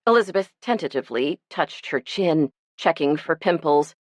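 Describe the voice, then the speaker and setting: A woman narrating an audiobook in an expressive storytelling manner. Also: low-pitched, moderate pace, few pauses, no room sound. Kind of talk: scripted narration.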